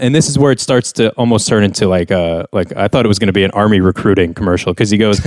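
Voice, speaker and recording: Young male co-host, mid-pitched, rambling recap storyteller, dry close mic. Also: fast talker, darkish tone, dry recording. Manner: rambling storyteller, acts out characters' lines with raised voice. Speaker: podcast co-host recapping a sitcom episode. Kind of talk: casual chat.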